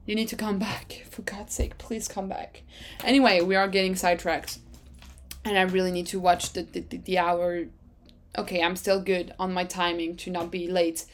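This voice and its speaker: With a fairly low voice, this woman hosts a podcast on her own, chatting casually. French is her first language, and her talk wanders, self-corrects, and leaps into sudden bursts of excitement.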